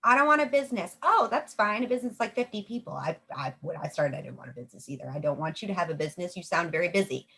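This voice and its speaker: Speaking from home very fast with few pauses, a young adult woman coaches network marketing in a low, animated voice that is fairly bright with a breathy edge. She keeps it chatty and upbeat while role-playing sales conversations.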